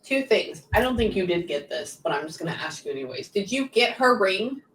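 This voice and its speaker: A woman working as a psychic medium, relaying messages in quick bursts and often pausing to say "hang on" during a live reading session. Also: mid-range voice, expressive, a bit bright. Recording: echoey room, distant mic, faint background noise.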